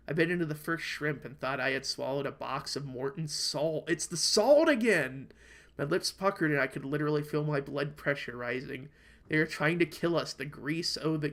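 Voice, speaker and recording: A man's voice: a little high, pushed and bright. A young American man in casual podcast chat over an online call, rambling and swearing as he rants about bad food. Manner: rambling, profane, worked-up storytelling. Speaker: podcast co-host. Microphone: online call microphone.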